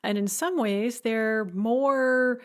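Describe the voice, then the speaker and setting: A woman's voice: on the high side, extremely slow. A woman giving a recorded lecture, explaining step by step with enthusiasm and humming rhythms to illustrate.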